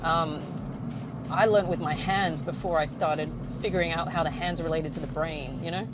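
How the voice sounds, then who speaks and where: A woman's voice: sits low, steady tone, normal speed, background noise. A woman hosting a casual podcast from her car, talking bluntly with frequent swearing and laughter. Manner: blunt and sweary, laughs often, mimics others in sing-song voices. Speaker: podcast host. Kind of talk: casual monologue.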